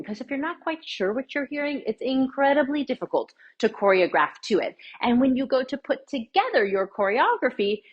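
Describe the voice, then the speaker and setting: A woman's voice: a little high, breathy edge, highs cut off. A woman teaching a dance lesson as the instructor, scatting the rhythm as she demonstrates and often checking in with "right?". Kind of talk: dance lesson with sung counts.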